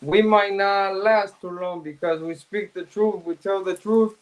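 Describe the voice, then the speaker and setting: Brief: middle-aged male host with a high voice, easygoing slang-heavy chat, reads out comments. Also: steady tone, unhurried. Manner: laid-back street slang, shout-outs to viewers. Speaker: live show host. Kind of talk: casual chat, reading out viewer comments.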